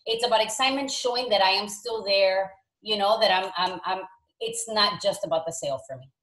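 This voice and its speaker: A woman coaching on a group video call, bubbly and high-energy. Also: a little fast, echoey room, low-quality recording. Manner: bubbly, high-energy, acts out excited voice messages. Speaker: fitness coach and mentor.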